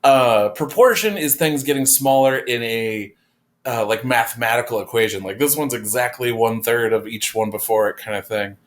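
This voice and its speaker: A man's voice: mid-range voice, normal speed. A man teaching an art class, explaining design principles in a casual, conversational way with fillers, recorded in a classroom. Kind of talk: classroom lecture.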